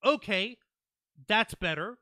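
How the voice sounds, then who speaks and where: A man co-hosting a wrestling podcast, reacting quickly and excitably, swearing freely and reading out chat comments. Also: sits high, dry recording. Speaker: wrestling show co-host.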